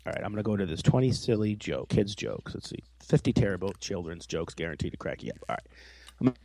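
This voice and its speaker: Teasing, profane podcast co-host. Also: male voice, low voice, very animated, fast talker, gravelly, mellow, no room sound. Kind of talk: casual comic banter.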